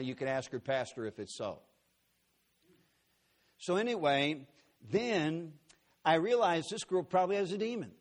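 A man preaches in a big auditorium, his voice pitched somewhat high. He tells his story earnestly and dramatically, acting out the quotes as he goes. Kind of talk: sermon storytelling. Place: large auditorium.

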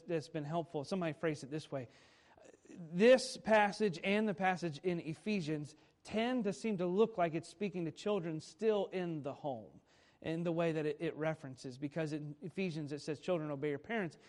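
A man in his thirties delivers a sermon in a relaxed, conversational manner. His voice sits a little high for a man. He leans on dramatic pauses, stretches key words, and often stops to correct himself mid-sentence. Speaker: pastor.

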